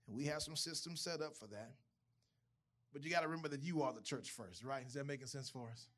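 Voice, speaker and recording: A man's voice: mid-range voice, quick pace, fairly bright tone. A man preaching a sermon in a church, conversational, often checking in with the congregation. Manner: conversational, asks the congregation questions. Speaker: pastor.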